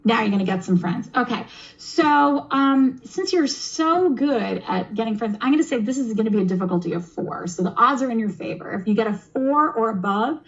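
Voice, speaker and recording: A woman's voice: a little high, animated, moderate pace, muffled recording. A woman on a video call, explaining and running a kids' tabletop game demo in an encouraging, teacherly, chatty way. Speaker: game master and presenter.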